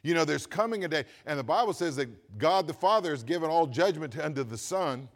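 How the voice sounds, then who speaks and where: A pastor preaching a sermon, swinging from quiet asides to loud, emphatic lines. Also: male voice, a little high, expressive, brisk.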